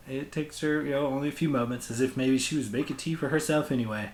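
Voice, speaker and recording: A man running a tabletop game as game master, narrating in a relaxed, rambling way. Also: mid-range voice, brisk. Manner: relaxed, rambling, casual swearing.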